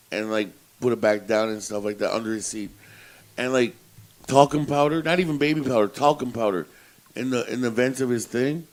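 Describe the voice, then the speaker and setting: A man's voice: mid-range voice, normal speed, low-quality recording. Swearing, laughing podcast storyteller man. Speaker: podcast co-host. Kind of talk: casual podcast chat.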